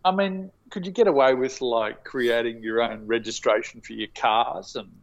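A man chatting casually as a podcast co-host, talking haltingly and repeating his words. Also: medium pitch, creaky. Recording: muffled, lo-fi audio.

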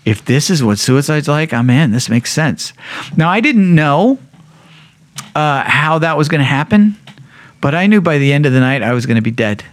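A man, a podcast guest, telling a raw personal story with blunt, profane language and frequent restarts, acting out quoted voices with sudden jumps in pitch. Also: animated, normal speed, no room sound.

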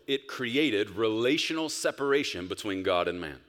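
A male pastor preaching a sermon, emphatic, swinging between loud bursts and soft, quiet stretches. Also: fairly low pitch, lively intonation, normal speed. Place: church sanctuary. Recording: long reverb of a large hall.

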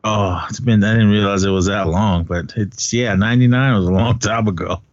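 A man in his forties co-hosts a casual fan chat, enthusiastic and rambling with plenty of fillers. His voice is fairly low and fairly quick, and the recording sounds dull and dry, without room sound.

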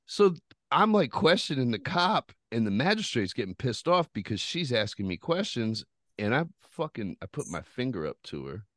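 A man's voice: mid-range voice, normal speed, no echo. A man hosting a podcast, telling a rambling, profane story in casual chat. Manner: profane, rambling, animated retelling. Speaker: podcast host.

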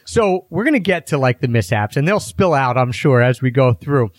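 A man hosting a travel podcast interview, joking with his guests and asking lively questions. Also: medium pitch, moderate pace, no echo. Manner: playful, joking, animated questions. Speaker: podcast host.

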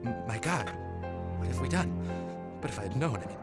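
A man's voice: medium pitch, lively intonation, brisk, natural voice. A man playing a flustered cartoon doctor. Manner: flustered, stammering. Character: fretful male doctor selling treatments. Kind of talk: cartoon voice acting. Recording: cartoon clip with music underneath.

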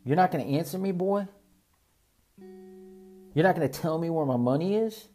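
A man voicing a menacing young male street dealer who yells threats, in a storybook reading. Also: high voice, big pitch swings, normal speed, vocal fry, soft background music, pitched above the performer's own voice, full character voice. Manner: yelling, threatening.

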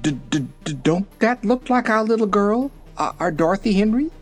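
Hoarse flustered old farm wife, as the reader puts her on. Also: mid-range voice, animated, normal speed, faint music behind, pitched above the performer's own voice, natural voice. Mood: startled. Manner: stammering, exclaiming.

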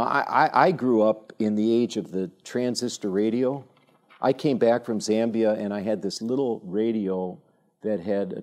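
A man in his sixties speaking to a younger audience in an animated, rambling storytelling way, full of fillers and restarts. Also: fairly low pitch. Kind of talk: informal talk with anecdotes.

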